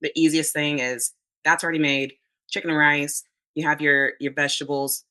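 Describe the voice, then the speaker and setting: A woman talking as a podcast guest in a relaxed interview, chatty and often quoting herself. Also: low-pitched, moderate pace, rough recording. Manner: chatty, quotes herself often, frequent restarts. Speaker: podcast guest, fitness competitor. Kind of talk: casual interview chat.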